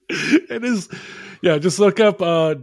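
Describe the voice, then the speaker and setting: A man co-hosting a casual podcast, relaxed and easygoing, reading off stats and laughing easily. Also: sits high, slow pace, creaky. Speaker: podcast co-host. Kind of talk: casual chat.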